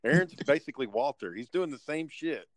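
A man chatting casually with friends on a podcast, rambling in a relaxed, halting way. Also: fairly high pitch, crowd noise. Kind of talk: casual chat among friends.

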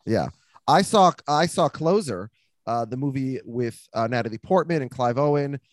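A man's voice: mid-range voice, dry recording. A man hosting a podcast in casual chat, joking and teasing as he runs through a list. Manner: joking, teasing, quick and lively. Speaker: podcast host.

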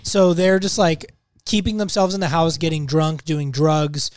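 A man's voice: a little high, level tone, a little slow, no room sound, clean studio sound. A man co-hosting a casual podcast, summarizing a movie plot in loose, slangy talk. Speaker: podcast co-host. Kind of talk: casual chat.

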